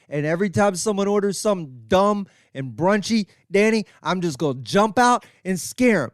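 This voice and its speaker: A man's voice: moderate pace, hardly any pauses, no echo, clean studio sound. A middle-aged man and comedian host telling a self-mocking, profane story, acting out the voices of the people in it. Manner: animated, acts out quotes with big pitch jumps. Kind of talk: storytelling monologue.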